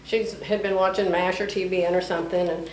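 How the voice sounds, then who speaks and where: A woman's voice: on the low side, fast, a little hiss or hum. A middle-aged woman, chatting casually in her home vlog and laughing often. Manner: chatty, laughing often, animated when quoting others. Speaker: vlogger. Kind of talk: casual chat. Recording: roomy, from a distance.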